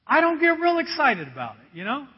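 A man preaching a sermon in a conversational, animated way, acting out voices as he goes. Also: extremely high pitch, fairly quick. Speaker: pastor. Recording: dull sound with long hall reverb.

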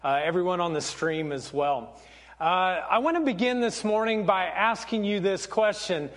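A man's voice: sits high, lively intonation, moderate pace, big-room sound. A male pastor giving a sermon in a conversational, self-questioning way. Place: church sanctuary.

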